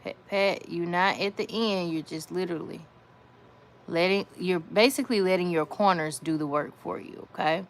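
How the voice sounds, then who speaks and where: A woman's voice: lowish voice, moderate pace. A woman giving a casual nail art tutorial, chatty, repeating her phrases and talking to viewers as y'all. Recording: faint background noise.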